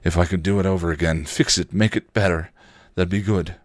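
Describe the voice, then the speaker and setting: A man voicing a starving, dying male vampire who talks in a weak, strained croak with a put-on accent. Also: low voice, fairly even intonation, a little fast, no room sound, studio quality, natural voice. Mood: defiant.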